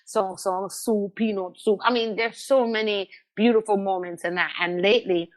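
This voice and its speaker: A woman's voice: mid-range voice, fairly even intonation, normal speed. A woman from Jamaica with a Jamaican accent, a podcast guest talking candidly and emphatically in conversation, often repeating words for emphasis.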